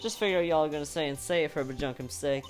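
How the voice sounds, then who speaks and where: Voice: mid-range voice, rapid-fire, soft background music, close to an everyday voice. A voice actor playing a brash, blunt Southern woman photographer with a drawling twang, in a fan voice-over of a game. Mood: indignant. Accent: American Southern, put on. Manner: loud drawling twang, blustery.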